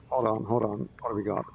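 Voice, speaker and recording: An excitable man talks through a space game as he plays it, his words coming out breathless and overexcited. He swears and laughs freely between lines of live commentary. Faint noise sits behind his voice. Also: fairly low pitch, vocal fry. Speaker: gamer playing a space game. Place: at home wearing a VR headset.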